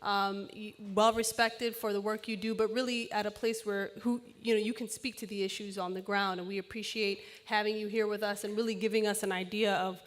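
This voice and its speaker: A woman moderating a panel, introducing the next speaker in a halting way with many fillers. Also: medium pitch, little pitch movement.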